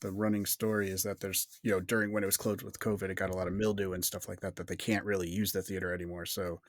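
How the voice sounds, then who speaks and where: Low-voiced, easygoing podcast co-host. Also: male voice, level tone, no echo, studio quality. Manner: easygoing, explanatory, halting. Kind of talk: casual chat.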